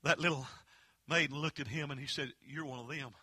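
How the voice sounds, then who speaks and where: A man with a Southern Appalachian accent preaching a holiness sermon, telling folksy stories that swell into impassioned shouts. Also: mid-range voice, steady tone, brisk, husky, no echo.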